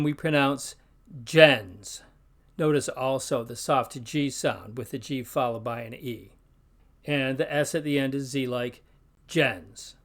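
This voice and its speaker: A man teaching pronunciation in an instructional video, speaking carefully and slowly sounding out example words. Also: fairly high pitch. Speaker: Latin teacher.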